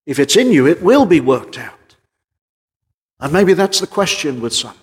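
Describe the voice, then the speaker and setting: A man preaching a sermon in an earnest voice, pressing his points with rhetorical questions and swinging between loud emphasis and quieter passages. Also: a little high, big pitch swings, moderate pace, long reverb tail.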